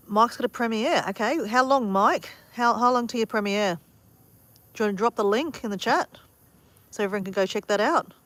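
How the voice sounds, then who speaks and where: Out in a chicken-filled backyard, an Australian woman keeps her live-stream viewers company with cheerful, casual chat. Her voice is fairly high and fairly bright.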